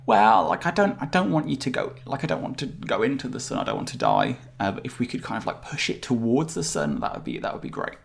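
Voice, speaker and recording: A man's voice: mid-range voice, wildly swooping pitch, full character voice. A man voicing a nervous, stammering female talking hamster in a tabletop game. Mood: anxious pleading. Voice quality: gravelly, halting, stammering.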